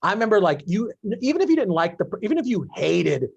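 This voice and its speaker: Man, podcast host, higher voice, chatty riffing, video call, muffled dry audio. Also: very animated, fast talker, vocal fry, husky, no echo. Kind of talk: casual chat over a video call.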